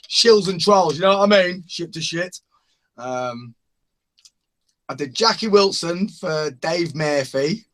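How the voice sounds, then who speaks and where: A man with a fairly high voice chats in an unhurried, drawn-out way. He rambles from one thing to the next and chuckles between his remarks. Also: lively intonation, a bit bright. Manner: rambling, chuckling, humming bits of parody songs. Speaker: open-mic hangout participant. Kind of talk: casual chat.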